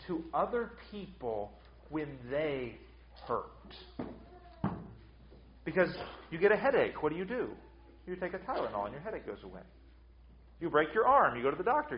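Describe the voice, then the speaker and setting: A man's voice: high-pitched, echoey room, lo-fi sound. A man preaching a sermon with emphatic delivery, often repeating words as he restarts. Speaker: pastor.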